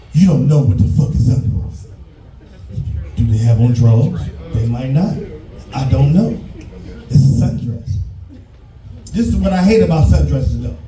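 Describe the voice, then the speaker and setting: A man, doing a live stand-up set, profane and shouting his punchlines. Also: mid-range voice. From Detroit, USA. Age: 50s. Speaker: stand-up comedian. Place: comedy club stage. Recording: echoey club from a distance.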